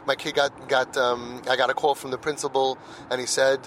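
A man's voice: mid-range voice, fairly even intonation, a little fast, a bit bright, a little hiss or hum, rough recording. A middle-aged man speaking earnestly about parenting, telling personal stories and repeating words when he presses a point. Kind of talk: heartfelt monologue.

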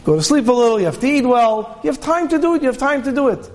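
A man's voice: very high-pitched, expressive, fast talker, pitched above the performer's own voice. A man putting on the voice of a sly, coaxing tempter who mocks the listener in a sermon. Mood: coaxing, mocking. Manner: mocking, coaxing. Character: sly wheedling male tempter, mocking.

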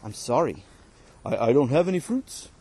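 A man's voice: mid-range voice, big pitch swings, moderate pace, mellow, husky. A man doing a shifty, evasive boss. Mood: feigned innocence. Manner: falsely innocent, apologetic. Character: evasive male employer who won't pay.

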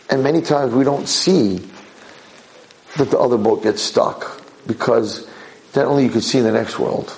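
A man giving a Torah lecture, telling a parable in an animated way. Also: medium pitch, normal speed, gravelly, pauses often, a little hiss or hum, poor audio. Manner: animated, acts out voices. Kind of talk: sermon storytelling.

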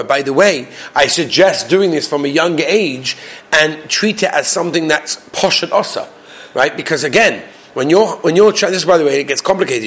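A man teaching a Torah lesson to a class, animated and quizzing his students. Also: on the high side. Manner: animated, asks the class questions.

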